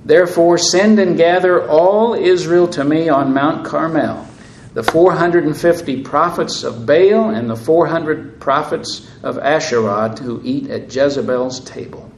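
A man reading the part of a calm, solemn male prophet in a measured, steady and firm way. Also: fairly high pitch, reverberant, slight background noise, low-quality recording.

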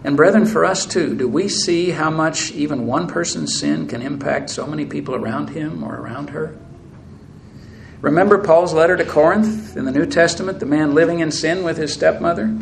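A man's voice: on the high side, normal speed, creaky, a little hiss or hum, rough recording. Earnest man preaching a sermon. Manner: earnest, reads scripture aloud with rising intensity.

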